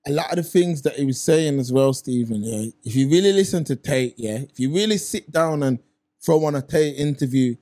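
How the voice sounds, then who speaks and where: A man's voice: medium pitch, animated, fairly quick, warm tone. A young man, co-hosting a casual chat show and explaining his point with examples. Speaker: podcast co-host.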